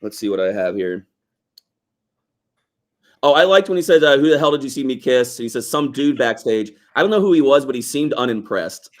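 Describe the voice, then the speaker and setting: A man's voice: mid-range voice, very animated, fairly quick. A man co-hosting a podcast, chatting casually in a laid-back, rambling way and laughing often. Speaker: podcast co-host. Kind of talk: casual chat.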